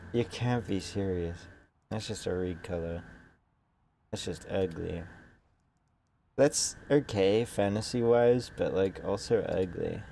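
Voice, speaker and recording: A man's voice: fairly low pitch, gravelly, mellow, slight background noise. A young man with a congested nose, rambling sarcastically in casual gaming commentary. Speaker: streamer.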